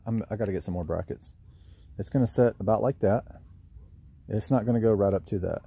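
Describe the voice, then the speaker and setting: A man's voice: lowish voice, a little fast, gravelly, warm tone, breathy edge. A man with a Southern US accent, rambling in a folksy, self-deprecating way as he walks through a DIY project outdoors by his trailer, recorded on a camera mic. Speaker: lawn care business owner. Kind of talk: casual DIY how-to vlog.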